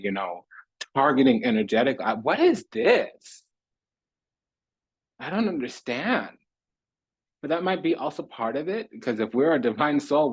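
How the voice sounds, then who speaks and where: A man's voice: medium pitch, husky, dry recording, highs cut off. A man giving a spiritual tarot reading monologue, preaching in repetitive, rhythmic lists. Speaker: tarot reader.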